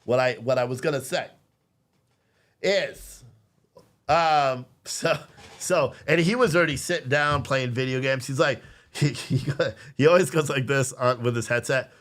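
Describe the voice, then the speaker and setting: A man's voice: medium pitch, unhurried, a bit bright. A man in his thirties hosting a podcast, telling a rambling, profane family story and acting out the dialogue. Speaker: podcast host. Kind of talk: casual storytelling on a live stream.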